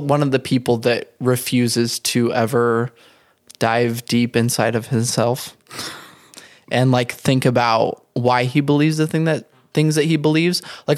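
A man's voice: medium pitch, no room sound, studio quality. A young man talking animatedly in a casual podcast chat, with lots of filler words. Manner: animated, talks in bursts with many fillers.

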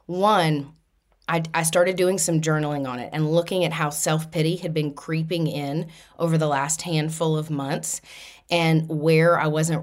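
A woman host telling a personal story in a casual, animated monologue, laughing now and then. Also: deep voice.

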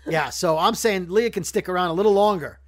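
A man's voice: sits high, fairly quick, no echo, clean studio sound. A man from Brooklyn hosting a podcast in casual chat, rambling and joking as he corrects himself. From Brooklyn, New York. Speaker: podcast host.

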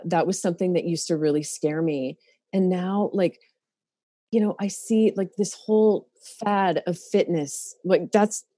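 A woman's voice: fairly low pitch, mellow, no room sound, studio quality. A middle-aged woman therapist in a casual podcast talk, speaking openly and emotionally, with many fillers and restarts.

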